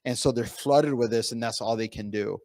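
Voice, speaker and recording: A man speaking as a pain physician at a conference, telling patient stories in an animated way with many fillers and restarts. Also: medium pitch, fairly quick, no room sound. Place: conference room.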